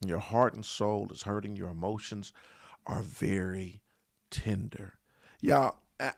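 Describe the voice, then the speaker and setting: A man's voice: medium pitch, vocal fry, no room sound, studio quality. A man, a pastor, giving a daily grief devotional in an earnest, conversational way, often repeating key phrases and calling his listeners y'all.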